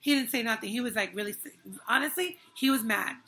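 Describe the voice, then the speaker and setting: A woman's voice: on the high side, quick pace, bright, forceful tone, soft background music. A young woman vlogger giving an emphatic, frank and indignant personal testimony. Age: young adult.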